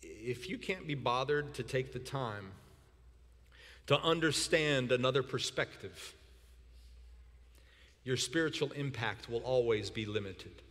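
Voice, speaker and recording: Animated male pastor in an echoing hall. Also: medium pitch, unhurried, long pauses. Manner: animated, repeats words, shouts for emphasis. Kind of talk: sermon. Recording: long reverb in a hall.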